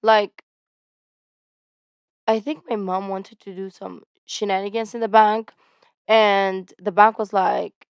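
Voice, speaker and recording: A woman from the Philippines, commenting casually and excitedly while reacting to a video. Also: mid-range voice, slow pace, pauses often, clear, resonant tone, dry recording. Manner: chatty, exclamatory, lots of "like" fillers. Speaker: YouTube reactor.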